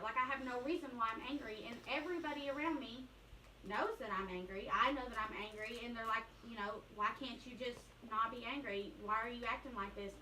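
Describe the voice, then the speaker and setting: A woman's voice: high voice, bright, forceful tone, slight background noise. A woman giving a candid, emotional personal talk to an audience. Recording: echoey room, voice from a distance.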